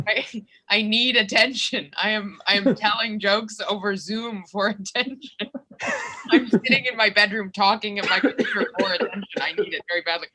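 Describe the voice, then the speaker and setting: Young female comic, bright forceful tone, self-deprecating stand-up, video call from a bedroom. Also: mid-range voice. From Minnesota, USA. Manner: animated, self-mocking, with quick restarts. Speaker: comedian. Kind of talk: stand-up comedy set. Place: her bedroom.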